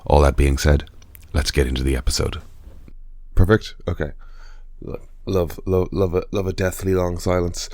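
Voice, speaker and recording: Very low-voiced Dublin man hosting a podcast. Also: steady tone, normal speed, a little mellow, no echo. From Dublin, Ireland. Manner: rambling, many fillers, self-deprecating. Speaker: podcast host. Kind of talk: casual podcast chat.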